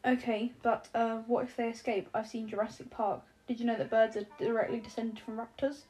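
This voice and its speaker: A woman's voice: a little high, flat delivery, brisk, warm tone, lightly acted. A woman voicing a jittery, sarcastic young man who talks in exasperated, rambling, profane bursts. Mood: anxious.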